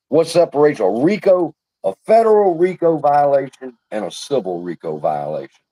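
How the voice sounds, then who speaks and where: Fired-up, profane man with a lively voice. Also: mid-range voice, no room sound, poor audio. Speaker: livestream host. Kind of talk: heated casual livestream rant.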